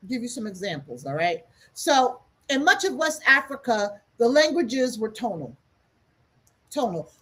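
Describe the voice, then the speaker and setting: A woman's voice: mid-range voice, husky. A woman teaching in an impassioned, emphatic way on a livestream, repeating phrases for effect. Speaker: spiritual teacher hosting a livestream. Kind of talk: impassioned spoken lesson.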